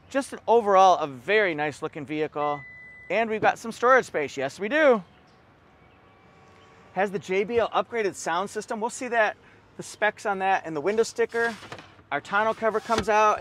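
An upbeat dealership salesman, his voice notably high for a man, does a casual car walkaround, pointing out features and talking them up in an easygoing, promotional way. His tone is fairly bright, with slight background noise.

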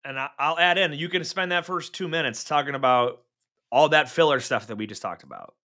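A man's voice: a little high, a little fast, pushed and bright. A man co-hosting a podcast in casual chat, chatty and full of joking asides. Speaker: podcast co-host.

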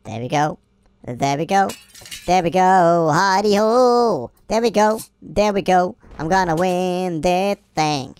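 A woman playing a video game and commenting, excitable and self-mocking, often yelling at the game. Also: fairly low pitch, takes it slowly, smooth. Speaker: gameplay commentator.

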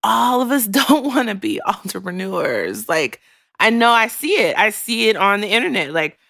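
A woman's voice: mid-range voice, big pitch swings, moderate pace, gravelly, a bit bright, dry recording, clean studio sound. Emotional, frank woman podcaster. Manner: emotional, frank, swears freely. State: choking back tears. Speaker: podcast host. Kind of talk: candid podcast monologue.

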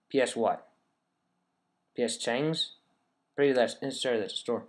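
A man hosts a casual game commentary, chatting with his viewers as he plays. He thinks aloud in a rambling, easygoing way, and his voice sits at a middle pitch. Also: normal speed, pauses often. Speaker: gaming channel host.

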